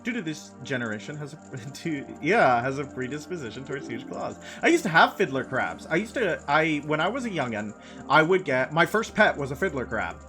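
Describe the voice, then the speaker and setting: A man's voice: a little high, sing-song, brisk, sharp tone, soft background music. A man streaming a video game, chatting casually with his audience in a playful, giggly way and repeating phrases for laughs. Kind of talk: casual commentary while playing.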